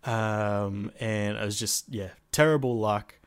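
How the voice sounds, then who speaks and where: A man's voice: on the low side, steady tone, slow pace, clear, resonant tone. A man co-hosting a podcast, telling a gaming story in a laid-back way and swearing freely. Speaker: podcast co-host. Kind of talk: casual storytelling chat.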